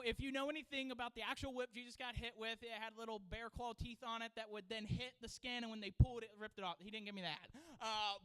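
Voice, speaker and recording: Man, children's pastor, lively sermon storytelling, higher voice, church service. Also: clear, resonant tone, rough recording. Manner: animated, laughing storyteller. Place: church sanctuary.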